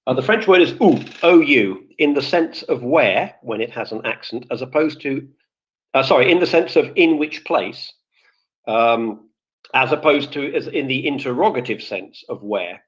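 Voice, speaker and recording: A former office IT worker chats casually in a live audio room, rambling and correcting himself with plenty of fillers. His medium-pitched voice is expressive and moderately paced. It comes through a computer or phone mic as a dull, lo-fi stream.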